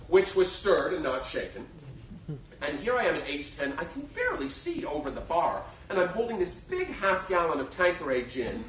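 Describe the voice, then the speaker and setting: Animated, theatrical middle-aged male storyteller. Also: on the high side, a little hiss or hum. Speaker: solo stage performer. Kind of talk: live comic storytelling. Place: theater stage before a live audience. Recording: echoey theater from far off.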